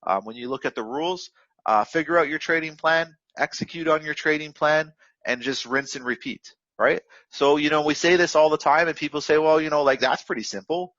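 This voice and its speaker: A man's voice: on the high side, fairly quick, fairly bright tone, dry recording, muffled recording. A man coaching forex traders in a casual motivational talk, rambling and full of fillers and repeats. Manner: rambling, filler-heavy, repetitive, instructive.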